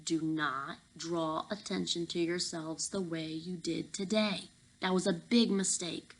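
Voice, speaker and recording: A woman reading an audiobook, voicing a huge gruff male security guard who talks in a hushed, urgent way. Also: lowish voice, steady tone, unhurried, rough recording.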